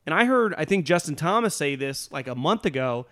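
A man co-hosting a casual sports talk show talks fast and emphatically, restarting often and swearing. His voice is a little high, animated, and a bit bright.

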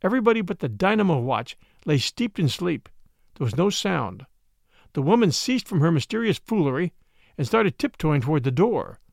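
A man reading a story aloud as an audiobook narrator, with expressive, shifting emphasis. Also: on the high side, moderate pace, vocal fry, dry recording, clean studio sound.

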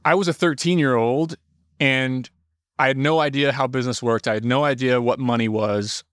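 A young adult man, a podcast guest, telling animated stories in casual talk, swearing freely and acting out quotes. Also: mid-range voice, moderate pace, no echo, studio quality. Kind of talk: casual storytelling.

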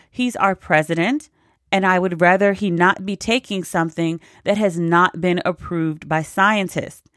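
A woman's voice: medium pitch, no room sound, clean studio sound. A woman hosting a podcast, giving casual news commentary in a wry, exasperated way and laughing between quotes. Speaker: podcast host.

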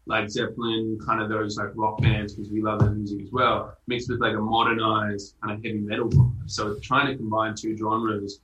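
An Australian man with a lowish, bright voice, chatting casually as a guest and talking about his band. He sounds roomy and a little away from the mic. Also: normal speed, hardly any pauses, distant mic. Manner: relaxed, uses many fillers like "like". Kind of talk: casual interview chat.

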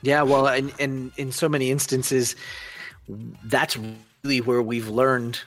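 Animated, folksy male podcast guest with a mid-pitched voice and faint music under him. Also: unhurried. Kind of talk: casual conversation.

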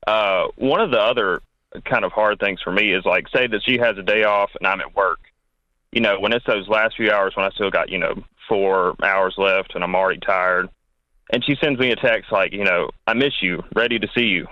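Young male caller, polite, lowish voice, muffled lo-fi line. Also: normal speed, no room sound. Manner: polite, says "yes, sir". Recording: dull lo-fi phone line.

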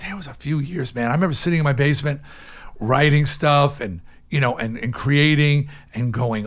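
Speaking a little fast, a man in his sixties shares his own story as an interview guest. He is frank and lively, moving between forceful, loud outbursts and soft, low asides.

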